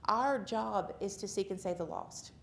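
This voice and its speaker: A woman from Alabama with a Southern accent, speaking at a church gathering and telling a personal story in a chatty, animated way while asking the audience questions. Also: medium pitch, unhurried, vocal fry. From Alabama, USA. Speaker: conference speaker. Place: church hall with a live audience.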